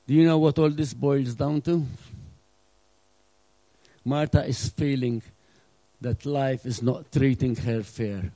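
A middle-aged male pastor preaching a sermon with earnest emphasis, now and then acting out scenes and dropping to a hush. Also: medium pitch, takes it slowly, dry recording, rough recording. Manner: earnest preaching with acted-out asides, drops to a hush.

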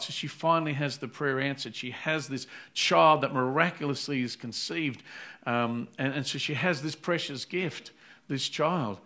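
A man's voice: mid-range voice, moderate pace, pushed and bright. A man preaching an earnest sermon, retelling a Bible story and acting out its voices. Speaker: pastor.

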